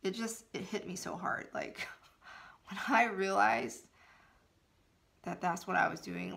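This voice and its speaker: Earnest woman spiritual coach, unhurried, bright, a little gravelly, emphatic delivery. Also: medium pitch. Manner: earnest, emphatic, laughs between phrases. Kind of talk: motivational talk to camera.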